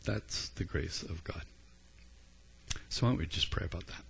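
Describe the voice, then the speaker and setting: A man preaching a sermon as a pastor, in an earnest, conversational way with frequent pauses and ums. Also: deep voice, creaky, fairly bright tone, slight background noise.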